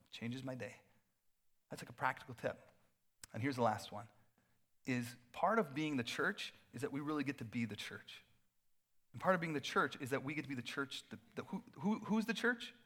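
A man preaching a sermon as pastor, in a casual, animated way with playful asides. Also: on the high side.

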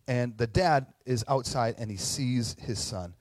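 Animated conversational male preacher. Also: mid-range voice, unhurried, no room sound. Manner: casual and animated, frequent tag questions. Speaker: pastor. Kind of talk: conversational sermon.

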